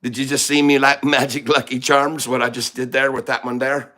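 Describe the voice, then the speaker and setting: A man's voice: medium pitch, flat delivery, fairly quick, pushed and bright, pitched above the performer's own voice, natural voice. A man voicing a boastful, joking Irish leprechaun in a put-on Irish accent, teasing his live-stream viewers with mock-tough banter. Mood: gleeful.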